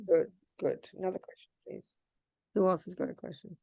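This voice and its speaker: A woman's voice: fairly low pitch, moderate pace, vocal fry, a little mellow, breathy edge, no room sound, studio quality. An older woman, a Buddhist nun, teaching in a question-and-answer session, blunt and scolding but calling people darling.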